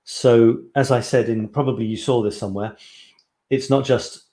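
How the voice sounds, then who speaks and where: Chatty man with a mellow voice. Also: mid-range voice, steady tone, normal speed, reverberant. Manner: rambling, chatty, self-correcting. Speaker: photography coach hosting a weekly live stream. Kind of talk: casual live-stream chat.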